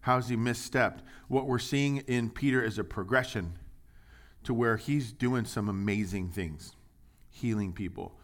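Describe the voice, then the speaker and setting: A middle-aged male pastor preaching a conversational sermon, dropping to hushed asides and rising to loud, emphatic readings. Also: mid-range voice, lively intonation, measured pace.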